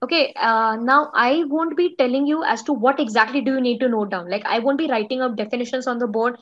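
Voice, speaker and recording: Young female teacher, Indian English accent, high voice, casual filler-heavy lecture. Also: fairly quick, a bit bright, muffled recording. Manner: chatty, fillers like "okay" and "like". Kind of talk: online class lecture.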